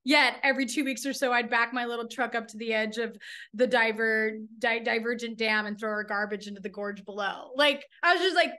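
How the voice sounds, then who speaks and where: A woman author and professor interviewing a fellow writer over a video call, talking quickly and effusively, laughing often. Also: on the high side, pushed and bright. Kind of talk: virtual book launch conversation. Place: home in Texas.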